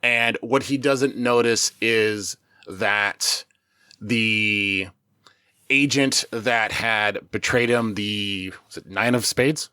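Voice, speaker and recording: A man narrates his tabletop character's daring moves in playful, movie-style detail. His voice is bright and forward, and the recording is dry and close with no room sound. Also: lowish voice, slow pace, clear, resonant tone, dry recording. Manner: cinematic, playful action narration. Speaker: player.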